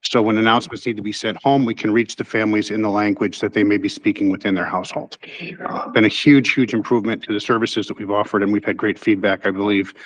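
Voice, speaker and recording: A man's voice: lowish voice, fairly even intonation, quick pace, rough recording. A man presenting a school technology budget to a board, speaking formally with frequent "uh" fillers. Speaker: school district technology administrator. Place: town hall meeting room.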